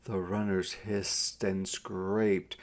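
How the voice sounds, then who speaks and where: Gravelly-voiced man narrating a picture book, unhurried. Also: sits low, little pitch movement. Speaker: storybook reader. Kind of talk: read-aloud narration.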